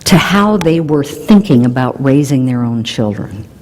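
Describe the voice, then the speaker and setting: A woman explaining relationship research in an animated way, mixing in playful personal anecdotes. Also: very deep voice, unhurried, big-room sound. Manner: animated, warm storytelling with playful emphasis.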